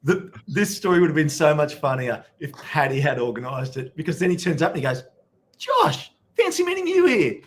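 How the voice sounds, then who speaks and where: A man's voice: on the high side, fast talker, hardly any pauses, a little hiss or hum. A man co-hosting a casual podcast, talking in a wry, playful way. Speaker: podcast co-host. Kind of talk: casual live podcast banter.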